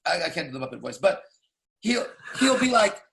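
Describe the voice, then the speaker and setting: A man's voice: sits high, big pitch swings, fairly quick, vocal fry, fairly bright tone. A man coaching in a blunt, profane casual monologue, firing off rhetorical questions. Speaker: dating coach.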